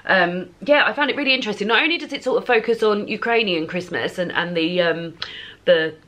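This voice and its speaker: A woman's voice: mid-range voice, fairly quick, fairly bright tone. A woman chatting casually at home in a book vlog. She rambles a little and says um often. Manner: chatty and rambling, with many ums. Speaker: book vlogger.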